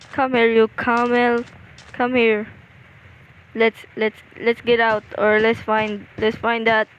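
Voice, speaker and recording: A woman's voice: on the high side, lo-fi sound, a little hiss or hum. A young woman with a Filipino accent giving rambling, casual game commentary, often repeating and restarting phrases. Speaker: gaming video creator.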